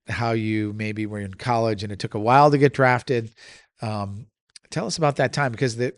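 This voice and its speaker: A man's voice: medium pitch, no room sound, studio quality. A man hosting a podcast, asking friendly, rambling questions in a casual interview. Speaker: podcast host.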